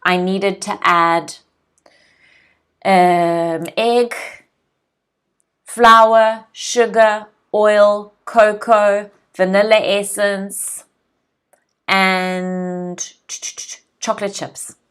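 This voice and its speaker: A woman's voice: mid-range voice, level tone, fairly bright tone. A woman from South Africa teaching English vocabulary, drilling pronunciation and checking in with learners. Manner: slow, clear pronunciation drills with frequent check-ins. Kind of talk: vocabulary lesson.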